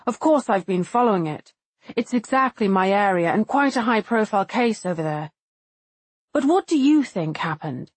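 A calm professional woman asks her questions in a smooth, musing tone, gently probing, as the narrator gives her a voice in an audiobook. The voice stays close and dry, at a middle pitch. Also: brisk, no room sound, natural voice.

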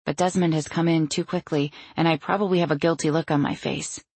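A woman narrates a novel in the first person, wry and anxious. Her voice is gravelly and a touch husky, recorded close on a studio mic in a dry room. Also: low-pitched, fairly even intonation, a little fast, a little mellow, no room sound. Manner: wry, anxious inner monologue. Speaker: audiobook narrator.

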